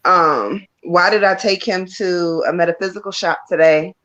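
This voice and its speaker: A woman's voice: lowish voice, fairly even intonation, moderate pace, a bit bright. A woman reader on a live stream, chatting frankly and reading tarot cards with a casual, cursing manner. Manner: frank, chatty, laughs and curses freely. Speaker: psychic reader. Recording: dull lo-fi stream audio.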